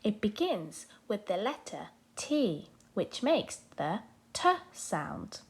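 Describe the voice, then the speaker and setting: A woman teaching a children's phonics lesson, sounding out letters and animal names slowly and clearly for young learners. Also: mid-range voice, very animated.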